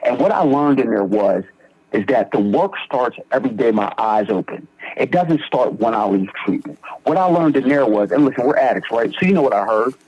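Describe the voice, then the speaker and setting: Husky man telling his recovery story. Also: mid-range voice, brisk. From Philadelphia, Pennsylvania. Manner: animated storyteller, acts out quoted dialogue. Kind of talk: storytelling in a recovery podcast interview. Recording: dull lo-fi sound.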